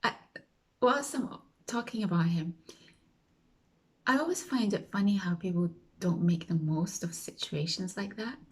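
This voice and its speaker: A woman's voice: fairly low pitch, a little slow, rough recording. A woman vlogger telling a story in a casual way, acting out the people she quotes and sometimes dropping to a whisper. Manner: chatty, acts out quoted voices, drops to a whisper at times.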